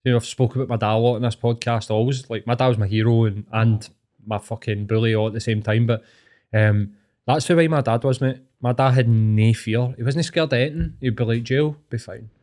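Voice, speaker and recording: A man's voice: mid-range voice, a little fast, darkish tone. Scottish man telling sweary anecdotes. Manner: sweary, rambling anecdotes, calls people mate. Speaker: podcast host. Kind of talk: casual chat.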